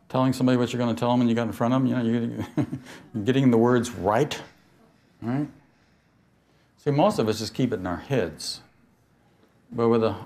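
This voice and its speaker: A man's voice: mid-range voice, darkish tone. An older man giving a spiritual talk to an audience, telling stories, laughing and asking his listeners questions. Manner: storytelling, asks the audience questions, laughs often. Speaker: speaker on mysticism.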